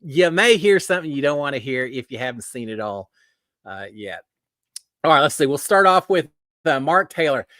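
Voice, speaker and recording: A man's voice: mid-range voice, animated, moderate pace, a bit bright, dry recording, studio quality. A middle-aged man with a Texan accent hosting a casual live stream, folksy and upbeat as he greets viewers by name. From Texas. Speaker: host of a live reality TV chat stream.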